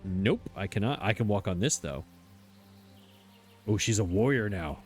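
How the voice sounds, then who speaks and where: A man's voice: fairly low pitch, animated, moderate pace, faint music behind. A man giving casual, self-mocking commentary as he plays a game, chatting and laughing at himself as he goes. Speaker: let's play host.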